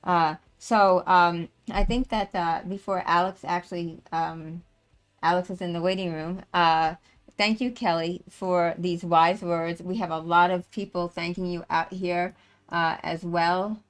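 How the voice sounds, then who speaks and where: A low-pitched woman hosts a live stream in loose, casual talk. She rambles, restarts her sentences and fills the gaps with "um" and "you know.". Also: fairly even intonation, a little slow, smooth. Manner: rambling, many fillers and restarts. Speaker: livestream host and tour organizer.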